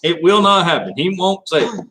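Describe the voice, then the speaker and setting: A man's voice: high-pitched, animated, normal speed, bright, forceful tone, poor audio. A man hosting a casual live stream, rambling and laughing as he talks to viewers by name.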